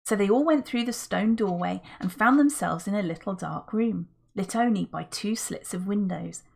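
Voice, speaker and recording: A woman's voice: medium pitch, normal speed, creaky, darkish tone, husky. A woman reading a children's adventure book aloud as a narrator, telling the story expressively. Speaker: audiobook reader.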